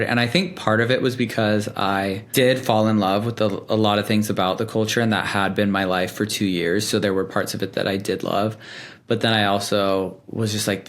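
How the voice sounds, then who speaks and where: A young man telling personal stories in a relaxed, chatty way, full of fillers and quick laughs. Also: lowish voice. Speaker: podcast guest. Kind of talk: casual storytelling.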